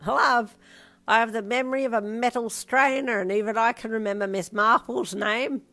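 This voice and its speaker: A woman voicing a cheerful elderly grandfather in a storybook reading, loud and teasing. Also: fairly high pitch, steady tone, moderate pace, soft background music, pitched above the performer's own voice. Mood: jolly.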